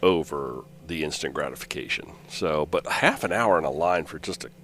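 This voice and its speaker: A middle-aged man co-hosting a casual podcast chat, telling stories animatedly with halting restarts. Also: very deep voice, animated, fairly bright tone, slight background noise. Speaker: podcast co-host.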